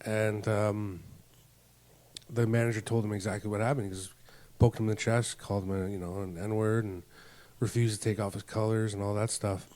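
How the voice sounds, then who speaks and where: A man's voice: on the low side, little pitch movement, normal speed, darkish tone. Man spinning rambling podcast anecdotes. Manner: rambling anecdotes, acts out quoted dialogue. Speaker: podcast host. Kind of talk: casual storytelling chat.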